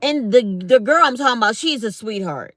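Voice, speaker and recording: A woman's voice: a little high, lively intonation, fairly quick, a bit bright, no room sound, studio quality. A middle-aged woman, talking casually to viewers and acting out both sides of an office conversation. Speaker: vlogger.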